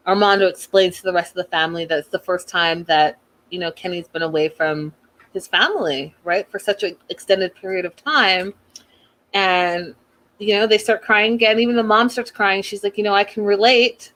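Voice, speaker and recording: Chatty woman recapping a reality show. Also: mid-range voice. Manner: chatty and animated, sighs, exasperated rants. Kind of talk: casual recap commentary.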